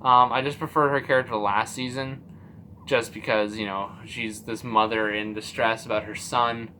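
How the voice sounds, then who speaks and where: A man giving a casual spoiler review of a TV series, animated and profane, acting out his own reactions with lots of fillers. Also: medium pitch, moderate pace, a little hiss or hum. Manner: loose and profane, many fillers.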